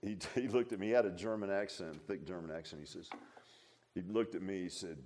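A middle-aged man preaches in a relaxed, folksy way, talking straight to his congregation with plenty of asides. His voice sits on the low side. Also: fairly quick, a little hiss or hum. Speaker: pastor. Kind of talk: sermon.

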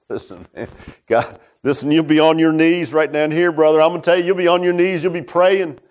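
Preacher guy, middle-aged, high voice, folksy, goes loud then real quiet. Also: steady tone, normal speed. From Virginia. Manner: folksy, repeats "man" and "huh?"; swings from loud preaching to hushed low tones. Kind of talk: testimony sermon.

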